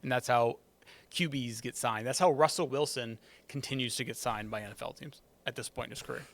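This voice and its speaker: A man's voice: mid-range voice, brisk, vocal fry, a bit bright, a little hiss or hum. A man co-hosting a casual sports podcast, laid-back and chuckling as he gives his takes. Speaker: podcast co-host.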